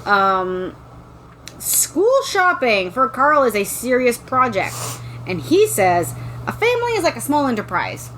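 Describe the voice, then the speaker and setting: A woman co-hosts a podcast in loose, jokey conversation, recapping a book. Her fairly high voice swings widely in pitch as she plays out lines from the story. A faint hiss sits under the recording. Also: unhurried, rough recording. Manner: animated, swears freely, acts out quotes in silly voices. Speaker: podcast co-host. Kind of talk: casual book-recap chat.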